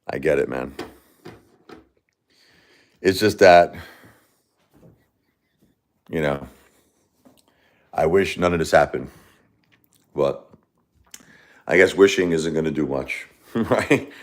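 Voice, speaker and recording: A man in his forties, grief-stricken, talking haltingly on a livestream as host and answering viewer comments. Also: very deep voice. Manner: halting and repetitive, many restarts and fillers.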